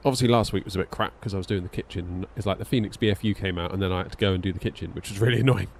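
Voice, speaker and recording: A man's voice: sits low, very fast, slight background noise. A man, streaming a flight simulator and chatting casually with his viewers while he flies. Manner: chatty, thinks aloud and answers his chat. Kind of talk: casual live-stream chat while flying.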